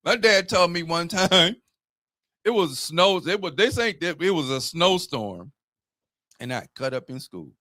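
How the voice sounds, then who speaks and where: A man's voice: high voice, expressive, measured pace, sharp tone, no echo, clean studio sound. A man in his fifties telling candid stories in casual talk as a show host. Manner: storytelling, candid and profane. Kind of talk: casual chat.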